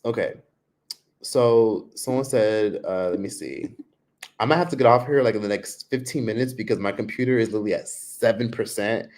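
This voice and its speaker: A man's voice: moderate pace, a little mellow. Man livestreaming from his laptop, casual and rambling. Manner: chatty, frequent "like", mimics others in high voices. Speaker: livestream vlogger.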